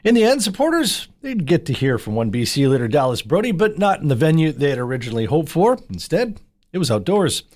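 A man reading local radio news and weather in a brisk, clipped headline style. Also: a little high, sing-song, darkish tone. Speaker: newsreader.

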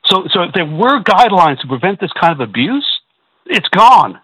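A man's voice: high voice, sing-song, normal speed, sharp tone, breathy edge, dry recording, rough recording. A man calling in to a radio talk show, agitated and stammering through restarts. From Canada. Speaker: caller.

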